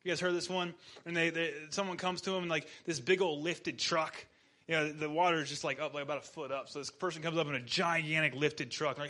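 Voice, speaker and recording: A man preaching a sermon in a casual, animated storytelling manner as pastor. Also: high-pitched, a little fast.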